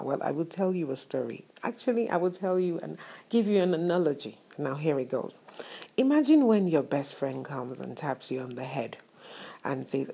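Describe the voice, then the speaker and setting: A woman with a low, deeply husky voice and a gravelly edge delivers an inspirational faith-based talk. She speaks straight to her listeners with affection and leans on repetition like a preacher. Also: expressive, normal speed. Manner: warm, affectionate addresses to listeners; upbeat, preacher-like emphasis with repetition. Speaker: host of a motivational show.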